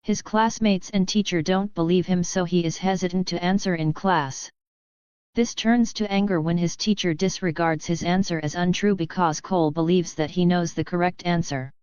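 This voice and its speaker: A woman's voice: on the low side, fairly even intonation, normal speed, a little mellow, smooth, dry recording, lightly acted. A woman reading as a genial male director. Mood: explaining. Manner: explanatory, genial. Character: friendly male film director explaining a role. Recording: dull lo-fi dry audio.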